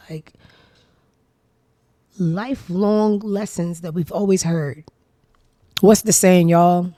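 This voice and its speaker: A woman's voice: on the low side, takes it slowly, long pauses, mellow, dry recording, studio quality. A woman hosting her own show, giving casual gossip commentary in a blunt, sassy, profane way. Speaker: show host.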